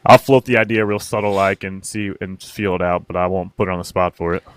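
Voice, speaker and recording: Roleplayer, man, very deep smooth voice, rapid and blunt, dry close mic. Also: fairly even intonation, dry recording. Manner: quick, terse, profane. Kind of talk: in-character roleplay chat.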